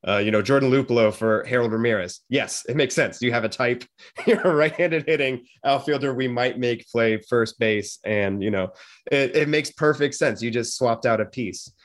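A man's voice: mid-range voice, moderate pace. A man hosting a casual interview, rambling with lots of fillers and little jokes. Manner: rambling, full of fillers, jokey. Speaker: podcast host.

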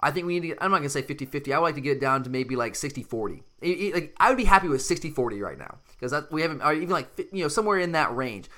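A man's voice: on the high side, lively intonation, very fast, few pauses, a bit bright. A man hosting a casual sports talk show, talking animatedly and emphatically, often restarting his sentences. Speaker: sports podcast host.

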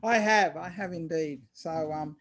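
A woman's voice: on the low side, unhurried. A woman with an Australian accent, a podcast guest calling in from home, cheerful and giggly, with many ums as she talks. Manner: cheerful, giggly, hesitant with fillers. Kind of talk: casual interview chat. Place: home in Sydney.

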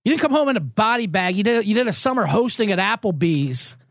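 A man's voice: high voice, expressive, fast talker, fairly bright tone, no echo, clean studio sound. A man hosting a sports betting podcast, rambling through sarcastic, profane comedic riffs. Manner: rambling, sarcastic, swears a lot.

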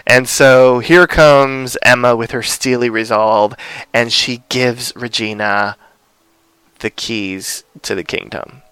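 Young male podcast co-host, smooth clear voice, dry close sound, rambling casual recap. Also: mid-range voice, fairly even intonation, takes it slowly, a bit bright, no room sound. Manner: rambling, lots of fillers, acts out quotes.

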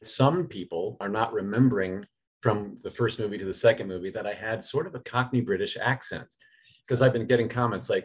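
Middle-aged male actor, husky and lowish, eager chatty interviewee. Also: a little fast. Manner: enthusiastic, laughing fan talk. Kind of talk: casual interview answers.

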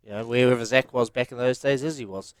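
A man's voice: mid-range voice, fast talker, clean tone, no room sound, clean studio sound. A man with a New Zealand accent, co-hosting a radio show in casual banter and acting out stories with quoted voices. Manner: animated storytelling, acts out quotes. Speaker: radio co-host.

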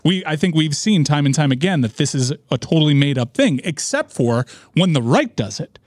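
A man's voice: fairly high pitch, sing-song, moderate pace, no room sound, studio quality. A man co-hosting a talk radio show, giving sardonic, pointed commentary in casual banter.

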